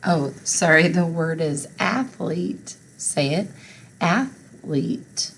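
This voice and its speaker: A woman's voice: on the low side, animated, very slow, vocal fry, a little hiss or hum, low-quality recording. A woman teacher leading a phonics spelling lesson for children, patient and encouraging.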